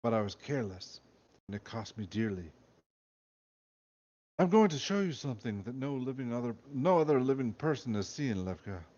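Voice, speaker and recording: Low deadpan voice, Russian accent, menacing commander, a man putting it on, dull recording. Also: normal speed, close to an everyday voice. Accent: Russian (put-on).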